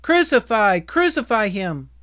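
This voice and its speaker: A man voicing an angry mob in a dramatized scripture reading, shouting forcefully. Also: high-pitched, very animated, unhurried, clear, resonant tone, no echo, clean studio sound, pitched above the performer's own voice, heavily acted.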